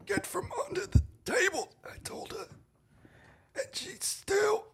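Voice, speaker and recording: A man voicing an eerie horror-film girl who tells creepy stories in a strained, rasping whisper. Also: very high voice, measured pace, pitched above the performer's own voice, exaggerated voice. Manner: creepy storytelling singsong. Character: eerie little-girl ghoul with broken rasping voice.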